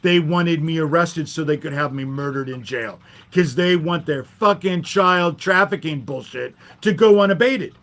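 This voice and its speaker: A male livestream host, his voice pitched a little higher than the typical man's, goes on an angry rant full of swearing. He speaks unhurriedly with few pauses and a fairly bright tone, irritated and confrontational, mocking his chat commenters and ending his points with "you know?"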